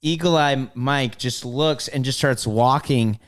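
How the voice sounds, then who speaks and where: A young man joining in on a relaxed podcast conversation, tossing out quick jokes and then carrying the story himself. His voice is smooth and clear and sits at an ordinary middle pitch. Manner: chimes in with jokes and laughs, then picks up the story. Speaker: podcast co-host. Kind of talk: casual chat.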